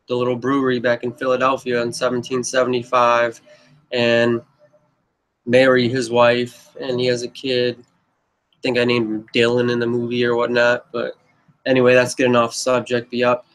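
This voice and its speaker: Flat-voiced man rambling through a pitch. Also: low-quality recording. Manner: rambling, heavy on "you know" and "but yep". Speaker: filmmaker pitching his own script. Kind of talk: casual rambling pitch to camera.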